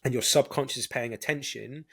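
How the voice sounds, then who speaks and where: A man's voice: medium pitch, brisk, creaky, a bit bright, slightly rough. A man with a British accent, hosting a podcast in casual chat, explaining things eagerly and laughing often. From United Kingdom. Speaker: podcast host.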